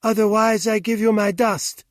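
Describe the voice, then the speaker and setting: A man's voice: high voice, steady tone, moderate pace, no echo, studio quality, pitched above the performer's own voice, natural voice. A man reading an audiobook, voicing a helpful, chatty French male motorcyclist who explains the way in a friendly manner.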